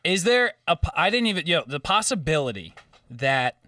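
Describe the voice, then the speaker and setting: A young man with a bright, forward voice that leaps around in pitch while he tells animated, profane stories. He chats casually as a co-host. The sound is dry and he is a little distant from the mic. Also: moderate pace, no echo. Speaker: podcast co-host. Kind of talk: casual chat.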